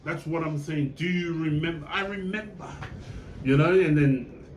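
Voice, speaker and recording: A man's voice: fairly high pitch, normal speed, far from the mic, slight background noise. A Tongan man, talking as a fan in a passionate, profane and emphatic way, often asking the viewer questions. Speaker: sports fan vlogger. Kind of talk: casual fan monologue. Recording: roomy echo, voice set back from the mic.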